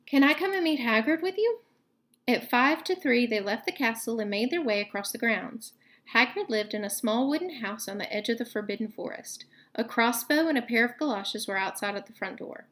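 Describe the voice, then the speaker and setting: A woman teacher reading a novel aloud to her book club, with lively, expressive narration. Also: fairly high pitch, fairly quick.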